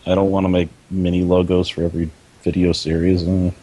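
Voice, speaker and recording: A man's voice: sits low, flat delivery, fairly quick, mellow. A man co-hosting a gaming podcast in casual chat, laid-back and self-deprecating, laughing often. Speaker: podcast co-host.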